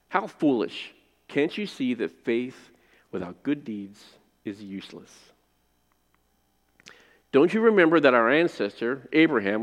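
A man preaching a sermon as pastor, reading scripture and praying, rising to loud emphasis and dropping to hushed phrase endings. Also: mid-range voice. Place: church sanctuary. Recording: long reverb of a large hall.

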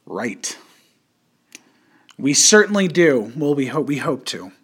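A man's voice: mid-range voice, big pitch swings, slow, fairly bright tone, slightly rough. A young man hosting a podcast in casual chat, rambling and profane, full of fillers and restarts. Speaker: podcast host.

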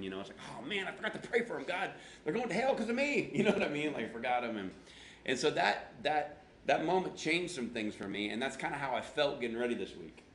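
A pastor with a lowish, fairly bright voice gives a conversational sermon, telling stories with self-deprecating humor and acting out things he once said. The room echoes, with a faint hum in the background.

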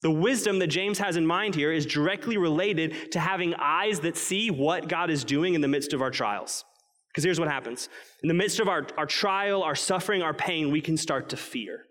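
A man preaching a sermon, earnest and emphatic, slowing down to stress key points. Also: on the high side, fairly bright tone. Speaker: pastor. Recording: long reverb of a large hall.

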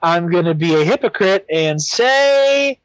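A man's voice: high voice, animated, measured pace, dry recording, rough recording. A young man co-hosting a podcast, talking casually and hesitantly with many ums and restarts. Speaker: podcast co-host. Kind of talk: casual chat.

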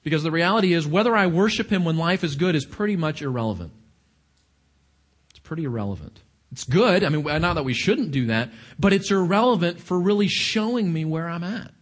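A man's voice: a little high, expressive, brisk. A man preaching a sermon, questioning his congregation and stressing his points. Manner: questioning the audience, emphatic.

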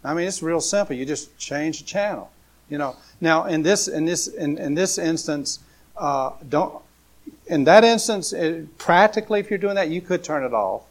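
A pastor delivers a conversational sermon in a loose, repetitive style, packed with fillers and rhetorical questions. His fairly high-pitched voice is animated and moves at normal speed.

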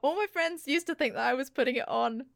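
A woman's voice: high voice, quick pace, vocal fry, a bit bright. A woman from New Zealand with an English accent, chatting politely as an illustrator guest on a podcast. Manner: polite, mild exclamations. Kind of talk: casual interview chat.

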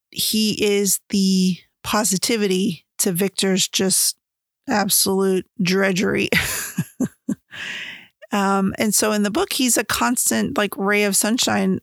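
A woman comparing a book and its film adaptation in casual, chatty commentary, laughing often and talking in an animated way. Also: medium pitch, no room sound, clean studio sound. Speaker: book reviewer.

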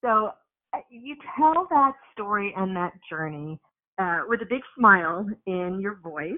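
Woman, mid pitch, podcast host, narrow phone-line sound, measured, gently teasing. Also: animated. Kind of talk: casual conversation.

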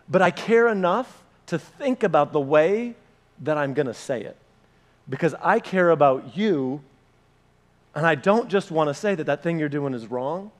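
Male pastor, high voice, animated sermon delivery that speaks directly to the congregation. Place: church meeting room with a live audience.

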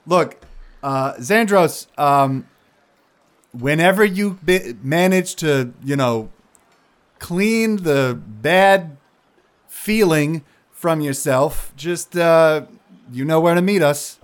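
A man doing a slow coaxing leader. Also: on the high side, animated, voice pushed up.

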